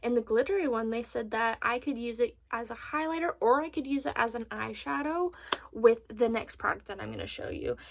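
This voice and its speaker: A woman's voice: fairly high pitch, big pitch swings, a little fast, vocal fry, background noise. A woman of twenty-two chatting in a bubbly, gushing way about her makeup purchases as a beauty vlogger. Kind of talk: casual makeup haul chat.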